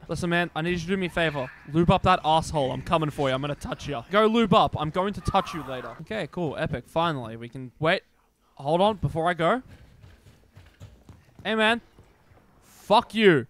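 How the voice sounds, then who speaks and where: A young man doing casual let's-play commentary as a gaming streamer, joking, swearing and reacting loudly to what happens on screen. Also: on the high side, normal speed, a little hiss or hum. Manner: excitable, swearing, jokey.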